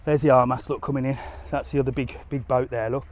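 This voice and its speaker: A man's voice: medium pitch, level tone, fast talker, slight background noise. A man chatting casually to a live audience as he walks outdoors by a harbour, rambling through stories and laughing often. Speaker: travel vlogger. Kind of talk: casual live-stream chat.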